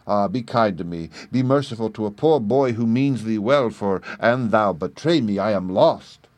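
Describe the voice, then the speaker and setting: A man's voice: on the low side, animated, moderate pace, a little mellow, no echo, lightly acted. A man voicing a frightened young page boy who pleads in old-fashioned speech, as a character voice in an audiobook. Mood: fearful.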